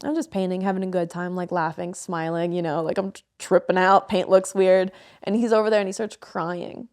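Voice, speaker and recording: A young woman in her twenties with a fairly low voice, talking on a podcast. She tells a personal story openly and with feeling, and she swears freely in a loose, unscripted way. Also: fairly even intonation, a little fast, darkish tone. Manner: emotional, frank storytelling with frequent swearing. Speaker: podcast co-host. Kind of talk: candid podcast conversation.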